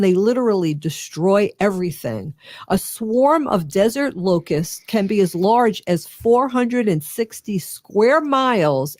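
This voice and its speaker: A woman's voice: on the high side, darkish tone, dry recording, studio quality. A woman with a New York accent, co-hosting a radio show and chattily reading animal facts aloud, now and then losing her place. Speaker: radio co-host.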